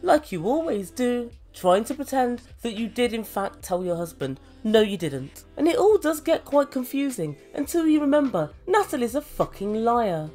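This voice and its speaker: Woman, higher pitch, dry mocking reviewer who swears. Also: big pitch swings, moderate pace, hardly any pauses, dark tone, soft background music. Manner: sardonic, mocking, swears freely. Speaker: reality TV reviewer. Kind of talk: sarcastic recap commentary.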